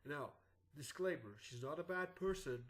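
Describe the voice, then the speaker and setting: A man's voice: fairly high pitch, moderate pace, a bit bright, rough recording. A sick man with clogged sinuses and a groggy morning voice, giving rambling casual commentary as a YouTube host. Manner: rambling, with frequent "uh" and restarts.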